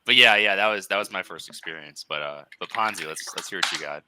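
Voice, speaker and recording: A man on a podcast telling a long personal story in casual chat, full of fillers and animated self-quotes. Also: deep voice, quick pace, noisy background. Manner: rambling, filler-heavy, animated when quoting himself. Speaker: podcast guest.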